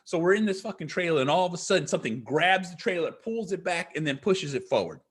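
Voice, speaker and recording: A man with a husky, slightly raspy voice that sits a bit higher than most. He spins a rambling tale as a podcast guest, peppering it with curses and leaning hard on each point. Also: animated, fast. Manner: profane, rambling, emphatic. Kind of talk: casual storytelling.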